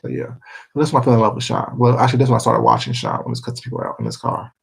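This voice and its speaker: Give me a husky man chatting loosely with viewers on a livestream, swearing as he goes. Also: mid-range voice, huge pitch swings, very fast, rough recording. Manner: rambling, laughing, swears freely. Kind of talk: casual chat with viewers.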